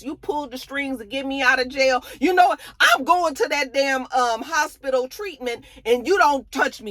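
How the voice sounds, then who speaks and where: A woman's voice: high-pitched, a bit bright, dry recording, pitched above the performer's own voice. A woman voicing an aggrieved man just out of prison, scolding and indignant.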